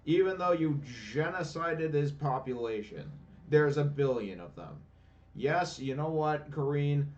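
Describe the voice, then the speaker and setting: A man's voice: on the high side, lively intonation, unhurried, a little mellow, distant mic, lo-fi sound. A man giving casual let's-play commentary, ranting and swearing sarcastically about the game. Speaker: gameplay commentator. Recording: voice a bit off-mic, faint game music.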